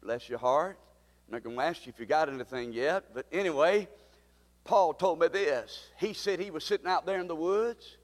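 An older man, preaching a sermon, swinging from loud high calls down to low hushed lines as he quotes scripture. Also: in a large hall.

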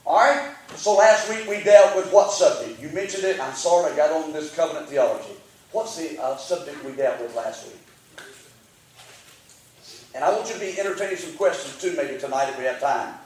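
A man preaching a sermon as pastor, fervent and call-and-response, rising to shouts. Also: fairly high pitch. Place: church sanctuary. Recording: very echoey church, mic at a distance.

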